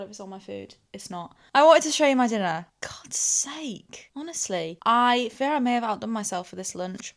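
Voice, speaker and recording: A woman in her twenties, hot and sweaty, chatting to camera in a rambling, self-deprecating way in her small house. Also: medium pitch. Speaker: vlogger. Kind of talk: casual chatty vlog to camera.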